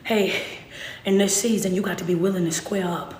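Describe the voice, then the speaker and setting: A woman's voice: fairly low pitch, steady tone, normal speed, darkish tone, a little hiss or hum. A woman preaching a fervent live-streamed sermon, with call-and-response and repeated asks of "understand me?". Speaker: motivational preacher. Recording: roomy echo.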